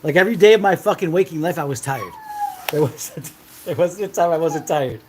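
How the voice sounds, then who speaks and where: A man's voice: on the high side, a little fast, background noise. A man in his thirties casually telling a rambling, repetitive story from his own life, swearing now and then. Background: dogs.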